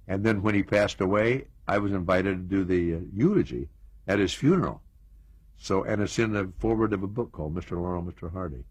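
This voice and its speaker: Husky older man telling stories. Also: sits low, a little fast, a little mellow, no echo. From United States. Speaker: interview guest. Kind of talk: reminiscing interview.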